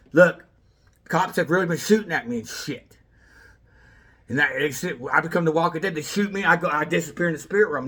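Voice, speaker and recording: A man with a somewhat high-pitched voice rambling in an unscripted monologue to camera. He jumps from thought to thought and breaks off mid-sentence. He speaks straight to people by name. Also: fairly bright tone, slightly rough. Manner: jumpy, trailing off mid-sentence.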